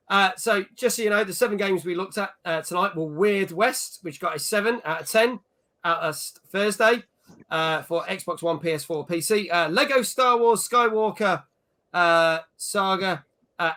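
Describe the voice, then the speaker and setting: A man's voice: high-pitched, sharp tone. A man hosting a casual gaming chat show, reading out viewer messages and scores. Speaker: podcast host.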